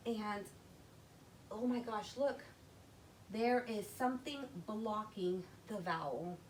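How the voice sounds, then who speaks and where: Woman teacher, phonics lesson for kids, slow step-by-step talk, lively pitch, faint background hiss. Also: poor audio. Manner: slow, step-by-step, addressing children. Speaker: literacy teacher.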